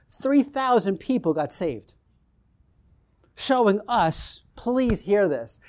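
Storytelling male preacher, fairly high voice. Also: a little mellow. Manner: storytelling, acting out quoted exchanges, rises in intensity. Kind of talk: sermon.

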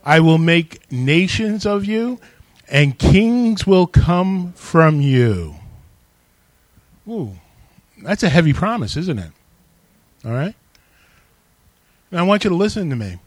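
Male pastor, sermon delivery, emphatic, slightly higher voice, dry close sound. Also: very animated, takes it slowly, long pauses, no echo. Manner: emphatic, calls on the congregation to respond.

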